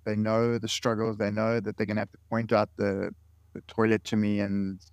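A man's voice: lowish voice, completely flat delivery, moderate pace, darkish tone, no room sound, dull audio. A man in his late forties, a guest in an interview, telling stories earnestly and often repeating words. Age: late 40s. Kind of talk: interview conversation.

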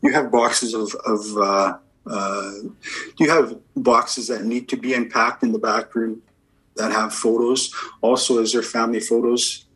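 A man's voice: mid-range voice, steady tone, unhurried, a bit bright, slightly rough, rough recording. A man working as a medium and giving a spirit reading. He asks a string of short yes-or-no questions and answers each reply with "okay, perfect.".

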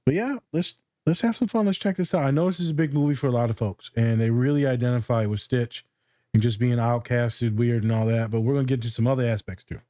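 Male therapist co-host, mid-pitched, dry close mic, teasing and chatty. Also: quick pace, dark tone, no room sound. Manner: playful, teasing, chatty with fillers. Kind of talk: casual podcast chat.

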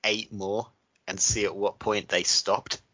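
A man's voice: on the low side, little pitch movement, measured pace, highs cut off, a loud crowd. A man co-hosting a podcast in casual chat, rambling through far-fetched hypotheticals. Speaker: podcast co-host.

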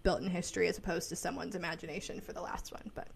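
A woman's voice: on the low side, little pitch movement, very fast, gravelly, husky. A woman co-hosting a podcast in casual chat, chatty with many fillers and frequent laughs. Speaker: podcast co-host.

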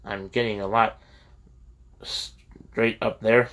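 A man reading the lines of a troubled young male college student who speaks quietly and respectfully. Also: lowish voice, flat delivery, slow. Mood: earnest.

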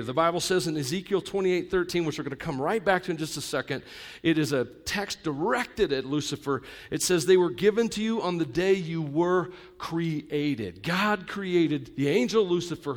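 Here a male pastor gives a sermon to people gathered in person, casual in tone and full of jokes, alternating loud, forceful moments with soft, close ones. His voice runs a little high.

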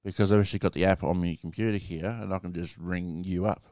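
Australian man, live stream host, casual swearing chat, smooth voice, low pitch. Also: fairly even intonation, fast talker, darkish tone, no room sound, studio quality.

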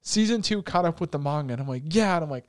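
A man co-hosting a casual podcast, retelling an anime with animated swearing and laughter. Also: fairly high pitch, very fast, no room sound, clean studio sound. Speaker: podcast co-host.

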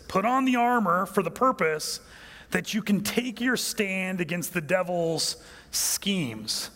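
High-voiced male preacher in a hall. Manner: storytelling, drops to a hushed, low voice for emphasis. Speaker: pastor. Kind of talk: sermon.

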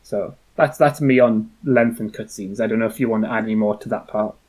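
A man's voice: lowish voice, steady tone, brisk, darkish tone. A man co-hosting a casual game review chat, rambling and wry, often restarting his sentences. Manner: rambling, self-correcting, wry. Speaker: podcast co-host.

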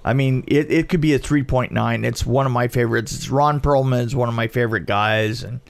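A man co-hosting a film review podcast, animated and teasing, often restarting his words. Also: mid-range voice, a little fast, vocal fry. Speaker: podcast co-host. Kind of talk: casual film review chat.

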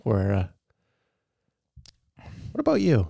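A young man co-hosting a podcast in easygoing, profane chat with quick interjections. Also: medium pitch, clean tone, dry recording, studio quality. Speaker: podcast co-host. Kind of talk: casual chat.

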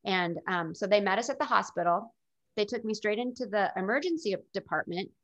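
A woman's voice: mid-range voice, animated, brisk. A middle-aged woman telling her own story in an interview, in a candid and reflective way. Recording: dull lo-fi recording.

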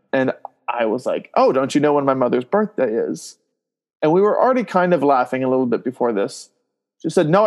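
A man guesting on a podcast, telling family stories in casual chat, often laughing and filling his talk with "like" and "um". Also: medium pitch. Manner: animated storyteller, laughs often, voices loud screams in stories; many fillers like "like" and "um".

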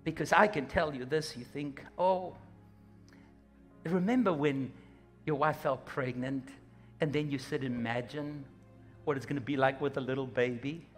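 A man preaching a sermon, animated and humorous, acting out little scenes as he goes. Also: mid-range voice, moderate pace, long pauses, faint music behind. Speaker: pastor.

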